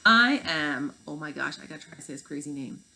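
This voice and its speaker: A woman's voice: low-pitched, monotone, very fast, gravelly, pushed and bright, rough recording. A woman teacher reading a children's novel aloud, with chatty asides between passages.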